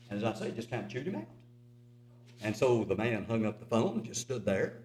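A man's voice: medium pitch, sing-song, a little fast, darkish tone. An older man preaching a sermon, earnest and urging, telling a story to his congregation. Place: church auditorium. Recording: echoey church hall.

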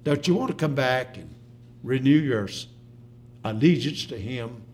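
A male preacher at middle pitch delivers his sermon like a story. He rises to loud, eager peaks and then drops to quiet, drawn-out phrases. A faint hum sits under his voice. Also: animated. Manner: storytelling, swings from loud to hushed.

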